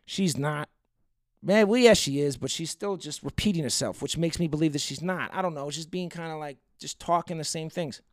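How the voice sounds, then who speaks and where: A man's voice: on the high side, normal speed, dry recording, studio quality. Rambling, profane male storyteller. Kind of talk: casual anecdote monologue.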